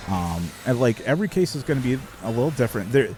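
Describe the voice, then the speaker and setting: A male streamer tells a story in an animated voice that rises and falls a lot. He swears often and fills his speech with "like" and "um". Faint music plays underneath. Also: medium pitch, quick pace. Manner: swears a lot, rambling with many fillers. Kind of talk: casual chat on a live stream.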